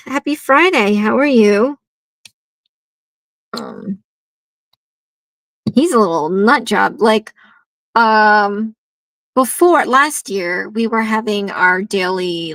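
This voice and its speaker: A woman chats at an unhurried pace while she hosts a nail art livestream. Her voice has a gravelly fry and sits in a middle pitch. She rambles freely and laughs often, and the sound is dry and close. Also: fairly bright tone, no room sound, low-quality recording. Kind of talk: casual livestream chat.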